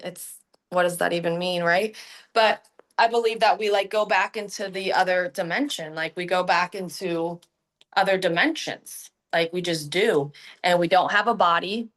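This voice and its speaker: Chatty woman on a podcast, lots of likes, acts out what people say. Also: fairly low pitch. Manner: animated, many fillers, acts out quoted voices. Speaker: podcast guest. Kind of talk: casual conversation.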